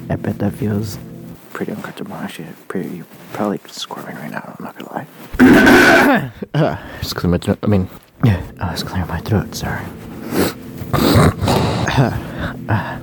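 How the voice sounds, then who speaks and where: A man's voice: sits low, moderate pace, gravelly, long pauses, heavy background noise. A young man making a joking amateur ASMR video, stammering, swearing often and mocking himself. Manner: rambling, stammering, swears a lot, self-mocking. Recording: music playing loudly behind.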